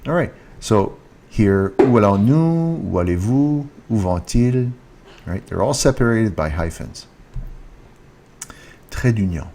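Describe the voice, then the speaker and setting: A man giving a casual French lesson, speaking slowly, repeating each French word and stressing it, recorded on a handheld mic. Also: lowish voice, animated, a little mellow, a little hiss or hum. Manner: slow, repeats French words with rising emphasis. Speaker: French teacher. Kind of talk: casual online language lesson. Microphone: handheld mic with earphone monitor.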